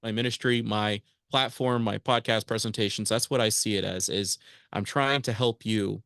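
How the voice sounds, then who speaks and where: A man's voice: on the low side, fairly even intonation, moderate pace, vocal fry, a bit bright, no echo, clean studio sound. A man guest on a podcast, talking earnestly and acting out quoted exchanges in a casual interview.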